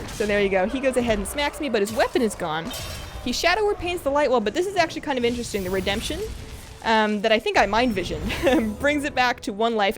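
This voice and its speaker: A fairly high-voiced woman talks through her card game turns in a relaxed, chatty way. She sounds upbeat and easygoing as she explains each move. Faint game music plays underneath her voice. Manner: chatty, upbeat, lively pitch swings. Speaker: gameplay commentator. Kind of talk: casual game commentary.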